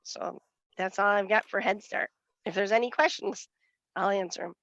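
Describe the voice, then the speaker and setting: A woman's voice: mid-range voice, normal speed, fairly bright tone, dry recording. A woman with a Western Wisconsin accent and a nasal, cold-congested voice, giving a chatty report to a meeting over a video call. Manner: chatty, laughs lightly between points. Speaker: nutrition educator. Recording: dull lo-fi video call audio.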